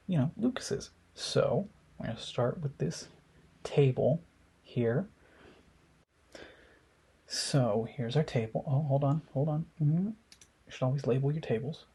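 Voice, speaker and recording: Profane, mocking young man with a mellow voice. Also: mid-range voice, vocal fry, breathy edge. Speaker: commentator reacting to memes. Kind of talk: casual commentary.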